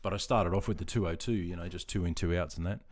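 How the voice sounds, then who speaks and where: An Australian man in his fifties hosts a livestream, casually answering viewer comments in a low-pitched voice at a quick pace. Relaxed and self-deprecating, he keeps calling people mate.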